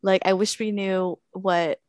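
A young woman chats with a friend on a podcast, her voice sitting at an ordinary middle pitch. The recording is dry and close. She talks in an easygoing, laughing way as she looks back on old times. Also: fairly even intonation, unhurried, dry recording. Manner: easygoing, laughs often, reminiscing. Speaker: podcast co-host. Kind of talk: casual chat.

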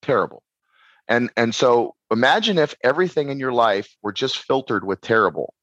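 Rambling, animated man with a dry sound. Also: mid-range voice, fairly quick, dry recording, dull audio. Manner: rambling, repeats words and restarts, animated. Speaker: podcast guest, shadow work practitioner. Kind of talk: casual podcast conversation.

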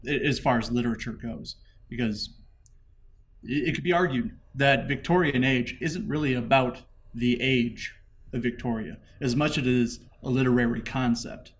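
A man's voice: mid-range voice, normal speed. Thoughtful man chatting on a podcast. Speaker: podcast co-host. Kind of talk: casual podcast chat.

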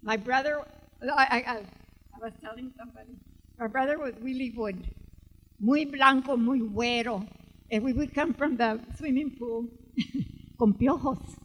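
A woman's voice: sits high, fairly bright tone, big-room sound, low-quality recording. A woman author from California telling stories at a book event, switching between English and Spanish and laughing often. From Salinas, California. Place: bookstore event space.

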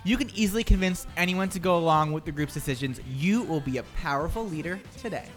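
Male host, casual video-call chat, animated pitch, faint music behind. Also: fast. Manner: giggly, rambling, easily distracted.

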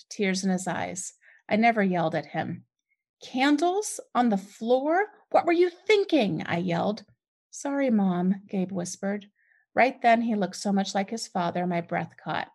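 A woman author reading her own novel in the first person, lifting her voice sharply for the lines of dialogue. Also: lowish voice. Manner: expressive, lifts voice sharply for dialogue.

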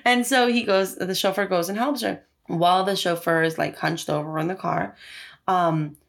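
Animated woman retelling a film plot. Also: fairly low pitch, moderate pace, creaky. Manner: animated storytelling, swears freely. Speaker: podcast co-host recapping a film. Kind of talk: casual chat.

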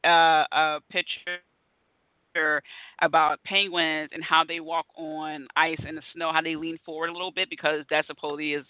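Man, casual host chat, animated storytelling, smooth voice, dry tinny phone sound. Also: on the high side, moderate pace, dry recording. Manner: animated storyteller, acts out his own reactions. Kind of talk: casual conversation.

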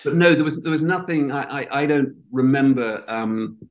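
A middle-aged man telling anecdotes in a casual interview, animated, with loud outbursts and swearing. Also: medium pitch, normal speed. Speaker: guest. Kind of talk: casual storytelling.

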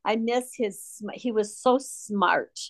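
A woman's voice: mid-range voice, slow pace. Middle-aged woman from Michigan, interview guest; frank, blunt, a touch sardonic, mid-range voice. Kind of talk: candid conversational storytelling.

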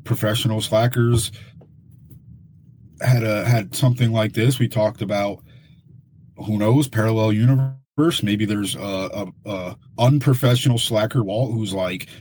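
Male podcast co-host, husky low voice, opinionated casual talk, swears. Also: darkish tone, no echo. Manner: opinionated, swears when frustrated. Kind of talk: casual chat.

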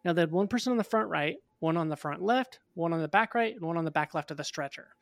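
A young man in his twenties, a guest in an interview, telling a personal story in a casual, animated way. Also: fairly high pitch, fast, creaky, dry recording.

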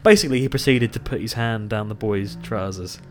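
A man's voice: lowish voice, brisk, faint music behind. A young man, co-hosting a casual podcast and telling school stories with swearing. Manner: storytelling, animated, swears. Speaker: podcast co-host. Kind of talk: casual chat.

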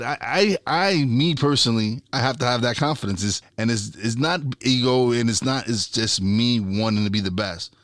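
A man's voice: mid-range voice, moderate pace, no room sound, clean studio sound. A man hosting his own podcast, talking in casual chat, swearing freely and restarting his words as he gets fired up. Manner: profane, animated, repeats and restarts words. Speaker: podcast and radio host.

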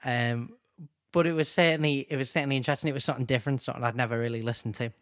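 A man's voice: mid-range voice, fairly even intonation, racing, no room sound. Male co-host, casual hesitant chat, dry sound. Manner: hesitant, with filler words and repeats. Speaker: podcast co-host.

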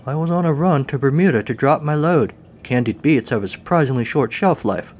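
A man voicing a gruff sea captain who grumbles his lines. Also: medium pitch, expressive, a little fast, a little mellow, a little hiss or hum, voice pushed up, close to an everyday voice. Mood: grumbling.

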